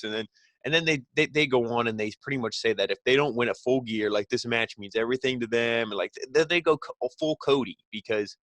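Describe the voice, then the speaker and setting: A man's voice: medium pitch, fast talker, a bit bright, dry recording. A man casually recapping a wrestling show, rambling with lots of fillers and blunt, opinionated remarks.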